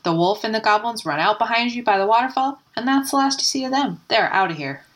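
A woman narrating as game master in a casual tabletop game, chatty and quick to laugh. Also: on the high side, animated, a bit bright. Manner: chatty, laughing, lots of fillers.

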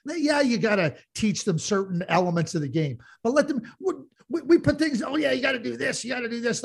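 Male co-host, high voice, animated and heated hockey talk. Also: fast talker, gravelly, hardly any pauses, breathy edge. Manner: animated, gets heated and loud, many restarts. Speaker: podcast co-host, hockey analyst. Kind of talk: casual sports chat.

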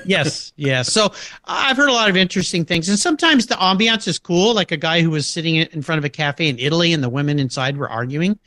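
Middle-aged male guest, swooping lively delivery, laughs a lot mid-story. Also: on the high side, brisk, hardly any pauses, no room sound. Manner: animated anecdotes, acts out quoted voices, laughs often. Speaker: podcast guest. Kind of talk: casual interview storytelling.

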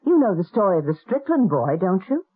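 A voice actor playing a calm, matter-of-fact household figure in a 1970s radio drama. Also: male voice, sits high, a little fast, breathy edge, full character voice. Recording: tinny lo-fi old radio broadcast.

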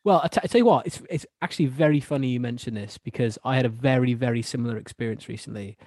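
A man hosts a football podcast in an easygoing, chatty way. He gets animated and stumbles into little restarts as he talks. His voice sits in a middle range, recorded close and dry. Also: medium pitch, fast talker, no echo. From Wales. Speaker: podcast host. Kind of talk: casual football chat.

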